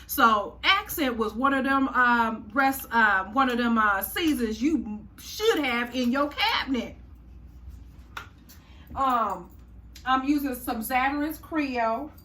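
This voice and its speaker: Woman host, folksy chatty manner, slightly high voice, mic set back in a kitchen with faint noise. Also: lively intonation, takes it slowly, sharp tone, echoey room, recorded from a distance. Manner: chatty, folksy, says y'all and honey. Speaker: cooking channel host. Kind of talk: casual cooking tutorial.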